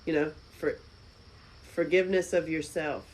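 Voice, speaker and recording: A woman hosting a live stream from a friend's house, chatting casually with viewers, with loud exclamations and soft asides. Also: deep voice, steady tone, measured pace, rough recording.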